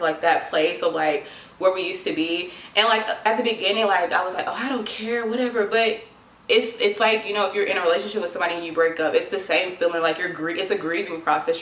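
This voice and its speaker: A woman's voice: fairly low pitch, fairly bright tone. Young woman, chatty, dramatic, casual vlog, echoey room. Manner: chatty, dramatic, lots of filler "like". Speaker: vlogger.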